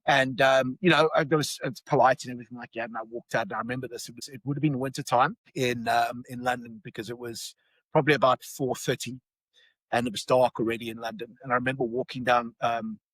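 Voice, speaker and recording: A man's voice: medium pitch, steady tone, fast talker, fairly bright tone, no echo, rough recording. A man with a South African accent telling a personal story casually, full of restarts and fillers. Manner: rambling, many restarts and fillers.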